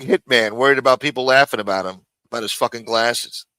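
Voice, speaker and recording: A man's voice: medium pitch, brisk, few pauses, sharp tone, no echo. A man hosting a live stream, giving profane, mocking, sarcastic reaction commentary from a home studio.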